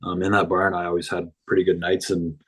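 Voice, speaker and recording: Low-voiced young man, easygoing. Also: fast, slightly rough, rough recording. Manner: easygoing, relaxed rambling. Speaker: hockey player guest. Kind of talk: casual interview chat.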